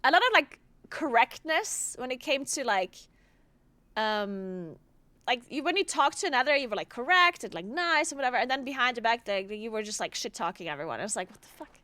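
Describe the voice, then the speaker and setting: A young woman streamer talks loosely to her chat while playing, her higher voice swinging up and down a lot. She leans on "like" and casual swearing, and the sound is close and dry. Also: animated, brisk, sharp tone, no room sound. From South Tyrol. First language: German dialect. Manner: chatty, many "like" fillers, swears, laughs often.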